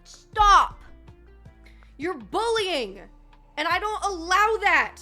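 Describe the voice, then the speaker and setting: Bubbly high-voiced woman streamer. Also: sing-song, measured pace, a bit bright, soft background music. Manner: playful, swears often, laughs a lot. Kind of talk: casual chat reacting to a video.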